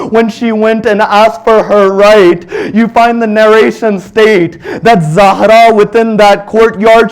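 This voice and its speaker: A man's voice: very high-pitched, clean tone, poor audio. A man giving a mournful sermon as a preacher, impassioned, often crying out and drawing his words out. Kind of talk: mournful sermon recounting a tragedy.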